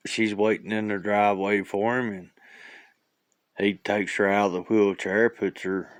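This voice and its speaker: A man's voice: lowish voice, level tone, unhurried, no echo. Rambling man telling a joke, dry sound. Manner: rambling, with many uhs. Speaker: joke teller.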